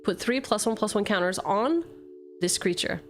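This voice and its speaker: Speaking at a moderate pace in a medium-pitched voice, a woman chats casually on her live stream while opening card packs. She's playful and self-mocking, cursing freely as she bounces from jokes to reading card text out loud.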